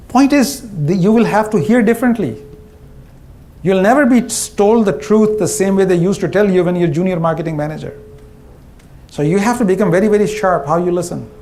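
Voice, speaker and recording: A man's voice: sits high, animated, fairly quick, darkish tone. A middle-aged man with an Indian English accent gives a humorous conference talk, wry and punchy, often acting out the voices of the people he quotes. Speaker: speaker, former CEO.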